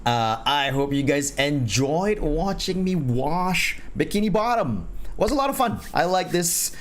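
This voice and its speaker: A man's voice: on the high side, sing-song, unhurried. A man streaming a game and chatting casually with friends, laughing often between remarks. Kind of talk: casual gaming stream chat.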